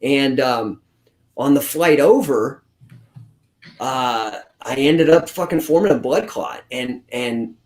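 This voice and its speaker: This man in his forties, a grappling coach on as an interview guest, takes his time, speaking slowly in a mid-range voice. His stories are blunt, animated and full of profanity, and the casual chat is recorded with a roomy echo.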